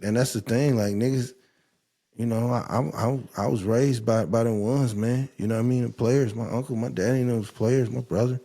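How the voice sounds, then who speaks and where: A young adult man hosting a casual podcast chat, telling stories and ranting in a profane, mocking, animated way. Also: medium pitch. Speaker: podcast host.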